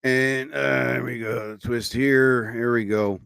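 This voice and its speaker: Man, live-stream host, sleepy, rambling, chatty, mid-pitched voice, dry close mic. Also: steady tone, takes it slowly, gravelly, fairly bright tone, clear, resonant tone, dry recording. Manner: rambling, chatty, exclaims "oh my God" often. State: sleepy, tired. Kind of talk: casual live-stream chat. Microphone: studio mic.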